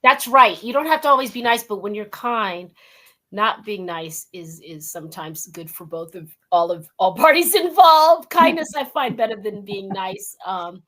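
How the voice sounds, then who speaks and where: A woman from Southern California hosting a casual talk show interview, animated and laughing often, calling her guest "dear". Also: medium pitch, moderate pace.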